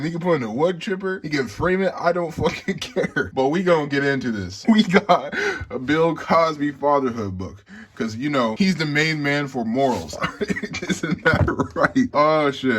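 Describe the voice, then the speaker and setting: A man's voice: mid-range voice, fairly bright tone, slight background noise. A young man giving a casual, sarcastic book review, swearing and laughing often.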